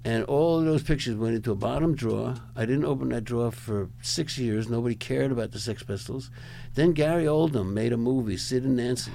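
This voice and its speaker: An older rock photographer, appearing as a conversation guest, tells long, rambling anecdotes in a gravelly, mellow mid-range voice at a fairly quick pace. He chuckles between stories and acts out other people's lines, with a little hiss or hum on the recording.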